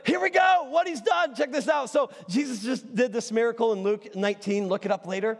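A male pastor with a high voice preaches an energetic sermon in a church, and his words ring out with a long reverb through the hall. He swings from shouting to soft, near-whispered asides and pokes fun at himself along the way. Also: brisk, creaky. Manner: self-deprecating, humorous. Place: church sanctuary.

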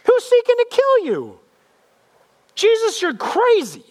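A man voicing an agitated male crowd, shrill and accusing. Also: huge pitch swings, takes it slowly, heavily acted. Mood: outraged.

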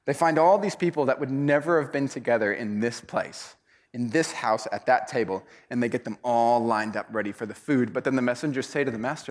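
Casual, animated male preacher. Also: medium pitch, fairly quick. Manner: casual, animated storytelling with acted voices. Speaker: pastor. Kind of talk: sermon retelling a parable.

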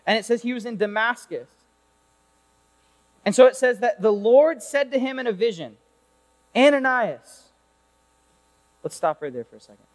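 A man preaching a lively, conversational sermon, telling a Bible story and throwing rhetorical questions at his listeners. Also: very high-pitched, fairly quick, big-room sound.

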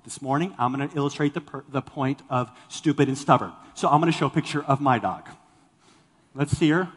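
A man's voice: mid-range voice, a little fast, fairly bright tone, husky, long reverb tail. A man preaching a sermon as a pastor to a congregation, talking animatedly and acting out the people he quotes. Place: church sanctuary with congregation.

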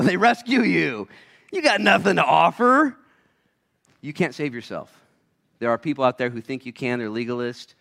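A man preaching a sermon as a pastor, acting out little voices, swinging between loud shouts and quiet asides. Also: a little high.

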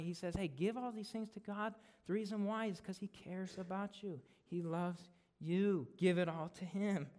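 A man preaching a sermon in a casual, conversational way, shifting into loud, emphatic declarations when he reads scripture. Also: fairly high pitch. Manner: casual, conversational preaching with frequent "right?" and "guys". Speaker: guest preacher.

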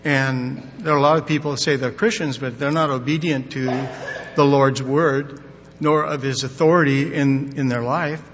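Older pastor preaching in a reverberant hall. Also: male voice, steady tone, normal speed, a bit bright. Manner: folksy, tells corny jokes, emphatic. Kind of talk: sermon. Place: church sanctuary. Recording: dull long-reverb hall with faint rumble.

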